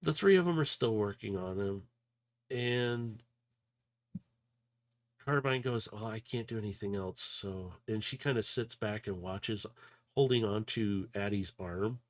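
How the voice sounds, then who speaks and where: A man's voice: on the low side, takes it slowly, long pauses. A man running a tabletop game as game master, narrating loosely with fillers, sounding a bit unwell. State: unwell, coughing.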